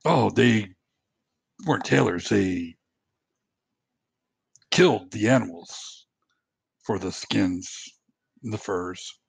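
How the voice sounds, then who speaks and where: Slow, gravelly-voiced man at a game table. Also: lowish voice, no room sound. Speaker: player. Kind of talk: tabletop role-play, in-character talk.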